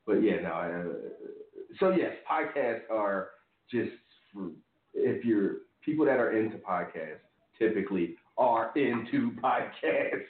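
A man's voice: lowish voice, lively intonation, unhurried, echoey room, phone-quality sound. A man co-hosting a wrestling call-in podcast, chatting casually and laughing often. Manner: laid-back, laughs often, slangy. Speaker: podcast co-host. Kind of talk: casual chat.

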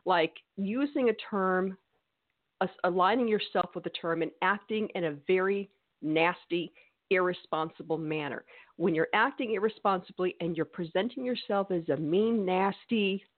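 Emphatic opinionated woman on tinny audio. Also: on the low side. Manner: emphatic, scolding, animated. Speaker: podcast co-host. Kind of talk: opinionated casual chat.

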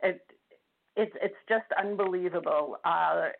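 Gravelly older woman on a phone line. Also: on the low side. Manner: emotional, halting speech with many restarts. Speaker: caller. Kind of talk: phone-in call.

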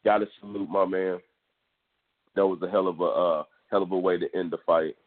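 Texan guy, deep voice, loose and profane podcast host, phone-quality sound. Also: steady tone, normal speed. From Texas, US. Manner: loose, profane sports storytelling. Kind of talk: casual monologue. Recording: tinny phone-like audio.

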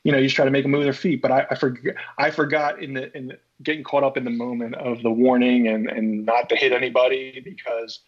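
A man from Philadelphia, a former baseball pitcher, telling a story in a casual chat and acting out his own reactions. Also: little pitch movement, quick pace, hardly any pauses. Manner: acts out his own past reactions, many restarts. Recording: dull lo-fi podcast audio.

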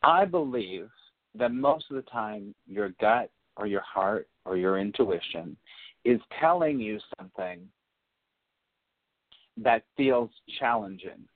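A man giving a reflective spiritual teaching talk, speaking deliberately and repeating phrases for emphasis. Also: on the low side, animated, dry recording. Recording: narrow phone-like sound, dry.

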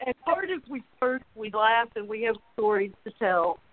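A woman's voice: a little high, expressive, moderate pace, a crowd in the background. Woman telling a story over a tinny phone line. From Florida. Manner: chatty, laughs while telling a funny story. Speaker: caller sharing a story. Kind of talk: casual storytelling on a call-in show.

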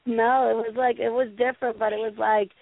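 A woman's voice: fairly high pitch, level tone, a little fast, gravelly, no echo. A woman hosting a casual call-in show, telling rambling stories full of filler words. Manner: rambling storyteller, many fillers. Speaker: show host. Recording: tinny phone-line audio with faint noise.

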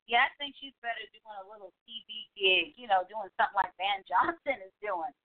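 A woman hosting a call-in talk show, giving sassy, animated commentary with frequent exclamations. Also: mid-range voice, a little fast. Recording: tinny phone-line sound.

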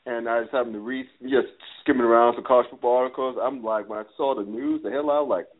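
A man hosts a sports talk show in a loose, conversational way, full of fillers and quick asides. His voice is thin and narrow, like audio coming through a phone. He keeps the chat friendly and informal. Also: medium pitch, fairly even intonation. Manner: chatty, laughs and says "dude", stumbles on words. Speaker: podcast host. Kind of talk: casual podcast chat. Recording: phone-like line.

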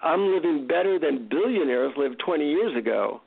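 A man guesting on a radio show tells a lively, funny personal story. His voice is slightly high and gravelly. It reaches the listener through a narrow, phone-like line. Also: moderate pace. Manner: animated, humorous anecdote telling. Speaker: guest author.

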